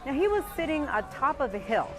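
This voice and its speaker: Bubbly woman host with very lively pitch. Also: fairly quick, music in the background. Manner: bubbly, laughs often. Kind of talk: lively presenting to camera. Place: outdoors on a busy street.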